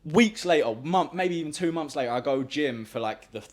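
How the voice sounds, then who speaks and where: A man's voice: a little high, lively intonation, brisk. A young man telling a story on a podcast, slangy and full of swearing. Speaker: podcast host. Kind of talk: casual storytelling.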